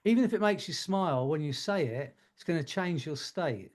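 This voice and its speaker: Man, fairly high voice, casual coaching, joking and laughing, group video call. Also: expressive, normal speed. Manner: warm joking advice, laughs often.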